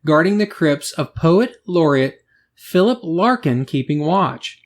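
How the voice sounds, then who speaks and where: A man's voice: fairly high pitch, lively intonation, slow. A man co-hosting a podcast, reading news stories aloud with wry, sarcastic asides and frequent laughter. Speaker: podcast co-host.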